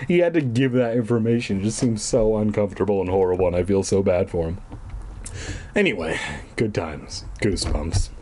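A man's voice: fairly low pitch, brisk, darkish tone, a little hiss or hum. A young man reading a children's book aloud for comedy, breaking off into sarcastic, profane, rambling asides.

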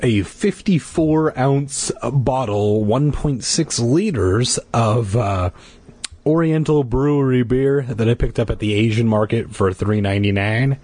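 A man reading a children's horror book aloud in an animated way, with jokey beer-drinking asides. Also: mid-range voice, measured pace, slightly rough, no room sound. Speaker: reader.

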